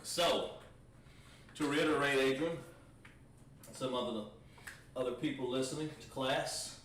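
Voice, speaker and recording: A man teaching a livestreamed Hebrew language class, slowly drilling words with lots of repetition. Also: medium pitch, a bit bright. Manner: slow, repetitive, drawn-out pronunciation drills. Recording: roomy echo, distant mic, faint background noise.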